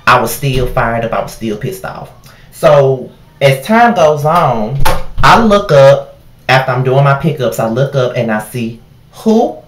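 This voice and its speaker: A man telling a profane, animated storytime vlog about a night at work. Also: medium pitch, unhurried, roomy sound, a little hiss or hum.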